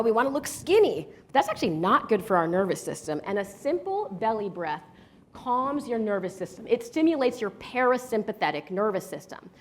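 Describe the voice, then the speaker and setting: A woman from Washington, D.C. leading a live workshop, telling a personal story and guiding the audience through breathing exercises in a lively, chatty way. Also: on the high side. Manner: guides breathing exercises step by step. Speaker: workshop leader.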